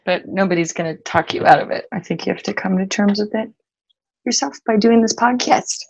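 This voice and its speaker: A woman co-hosts a podcast, talking frankly and reassuringly with a playful streak. Her voice sits in a middle pitch, and the recording sounds a little dull and muffled. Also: fairly quick, gravelly, breathy edge. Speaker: podcast co-host. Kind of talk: casual chat.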